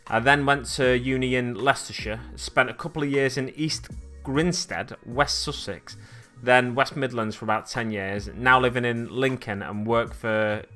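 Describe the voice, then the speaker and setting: A man's voice: mid-range voice, fairly even intonation, normal speed, pushed and bright, soft background music. A young Englishman from Oxfordshire, chatting casually on a live stream while painting miniatures, rambling and laughing as he answers viewers. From Oxfordshire, England. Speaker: hobby streamer.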